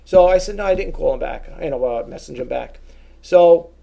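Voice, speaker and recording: A middle-aged vlogger tells an indignant story in a casual vlog, voicing both sides of a phone call. His voice is on the high side, expressive, creaky and mellow, at normal speed. He rambles and keeps restarting his words.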